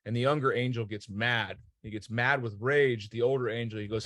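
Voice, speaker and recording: A man gives a motivational talk in an earnest, emphatic way, telling stories and throwing out rhetorical questions. His voice sits at an ordinary mid pitch. The sound is close and very dry, with no room around it. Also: steady tone, brisk, hardly any pauses, fairly bright tone, no echo. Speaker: host.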